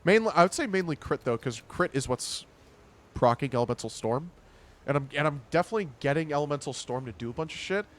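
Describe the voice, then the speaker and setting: A young man streaming a game, a bit congested, rambling in casual chat, restarting his sentences and sometimes shouting at the game. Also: a little high, lively intonation, quick pace. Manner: rambling, self-correcting, bursts into shouting at the game.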